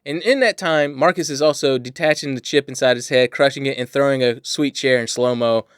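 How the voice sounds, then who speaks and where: A man co-hosting a podcast, casually and excitedly retelling a movie's plot. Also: mid-range voice, brisk, clear, resonant tone, dry recording, studio quality. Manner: animated storyteller, swears, acts out lines. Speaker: podcast co-host. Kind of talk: casual movie-recap chat.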